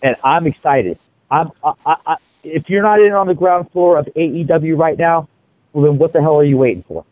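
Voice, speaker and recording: A man with a slightly high voice rambles excitedly, full of fillers and restarts. His mic sounds dull and lo-fi. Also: brisk, no room sound. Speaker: co-host. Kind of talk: casual online hangout chat.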